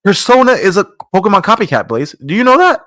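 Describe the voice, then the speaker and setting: A man on a casual gaming podcast who sounds keyed up and rambles on, swearing freely. His voice sits a little higher than most men's, and he keeps talking through a bout of hiccups. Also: fast talker. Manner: excitable, rambling, swears often. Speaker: podcast co-host.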